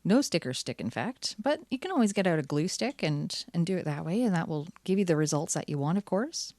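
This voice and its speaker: A woman's voice: on the low side, sing-song, a little fast, darkish tone, no room sound. Chatty woman opening card packs. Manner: chatty, cheerful, wry asides. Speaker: channel host. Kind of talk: casual card-opening commentary.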